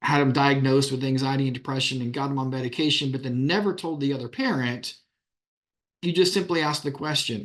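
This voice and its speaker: Man, attorney, conference talk, plain-spoken, mid-pitched voice. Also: fairly quick, fairly bright tone. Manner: plain-spoken, acts out courtroom questions.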